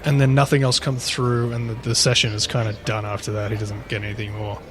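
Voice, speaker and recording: A man's voice: lowish voice, completely flat delivery, fast, a bit bright. A man co-hosting a podcast, casually retelling a paranormal story in a rambling way, with frequent swearing. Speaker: podcast co-host.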